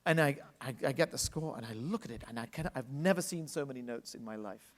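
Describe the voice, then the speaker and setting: A man of middle pitch recounts backstage stories to an audience, often breaking into laughter. His voice carries the long reverb of a salon hall. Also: fast talker. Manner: animated anecdotal storytelling, laughs often. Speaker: orchestra conductor, interview guest. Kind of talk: live onstage interview. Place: public library salon before an audience.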